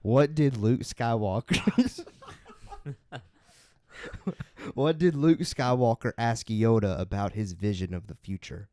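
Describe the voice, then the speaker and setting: A man co-hosting a casual podcast chat, reading out trivia questions slowly and deliberately. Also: medium pitch, darkish tone, no echo, studio quality. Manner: reads quiz questions in a slow, drawn-out way.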